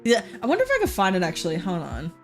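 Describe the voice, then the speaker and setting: A woman's voice: medium pitch, huge pitch swings, very fast, soft background music. A young woman from Queensland with an Australian accent, chatting casually on a live stream, rambling with lots of fillers and frequent giggles.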